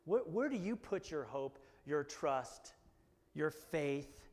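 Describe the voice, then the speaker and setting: A man preaching a sermon as pastor, animated and often rising to emphatic bursts. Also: fairly high pitch, takes it slowly. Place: church hall. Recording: long hall reverb.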